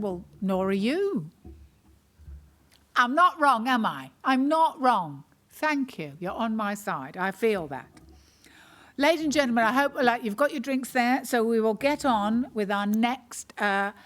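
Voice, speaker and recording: A woman comedian with a slightly high-pitched voice hosts an online awards ceremony. She tells dry, self-mocking stories, then shifts into announcing categories and nominees. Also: animated, unhurried. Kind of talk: stand-up anecdote and award hosting.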